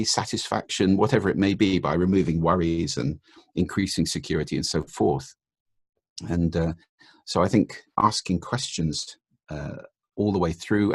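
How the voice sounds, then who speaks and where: Deep gravelly guy explaining stuff slowly in an interview, husky edge, dry close sound. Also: darkish tone, dry recording. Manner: measured, explanatory, demonstrates intonation with his voice. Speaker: guest expert on speaking. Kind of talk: podcast interview.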